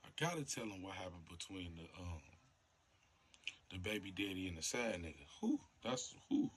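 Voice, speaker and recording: A man's voice: low-pitched, big pitch swings, moderate pace, slight background noise. A man in a comedy skit playing a 911 operator, using loose, profane slang and muttering asides to himself.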